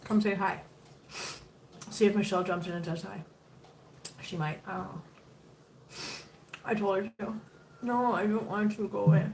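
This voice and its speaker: A woman's voice: mid-range voice, fairly even intonation, moderate pace, creaky, pauses often, a little mellow. A fifty-year-old woman hosting a casual livestream, chatting with viewers and cooing at her cats. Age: 50s. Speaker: livestream host. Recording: roomy, picked up from a distance, faint noise.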